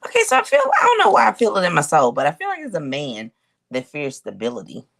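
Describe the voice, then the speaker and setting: A woman giving a casual spiritual reading to her viewers, thinking aloud with drawn-out hums and pauses and talking to them in a colloquial, direct way. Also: low voice, huge pitch swings, creaky, a bit bright. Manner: colloquial, addresses viewers as y'all. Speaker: intuitive reader.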